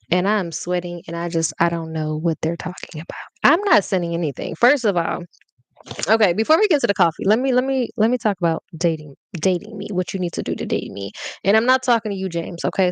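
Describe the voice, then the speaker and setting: A woman's voice: lowish voice, dry recording. A young adult woman hosting a live podcast, chatting casually and rambling playfully straight to her viewers. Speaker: podcast host.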